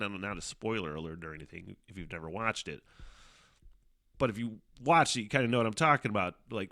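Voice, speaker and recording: A middle-aged podcast host delivers a casual solo monologue, rambling, swearing a lot, laughing, and using plenty of fillers. His voice is lowish with a fairly bright, clean tone, in a dry, studio-quality recording.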